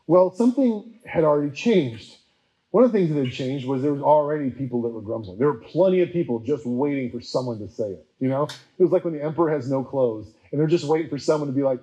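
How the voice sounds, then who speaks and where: Chatty man telling history, mellow voice. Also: fairly high pitch, lively intonation, rough recording. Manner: chatty, with many fillers and quick acted-out quotes. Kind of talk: casual history teaching talk.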